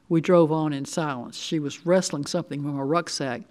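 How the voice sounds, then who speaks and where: An older woman reading a short story aloud in the first person, with steady, measured storytelling. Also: low voice. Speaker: resident reader.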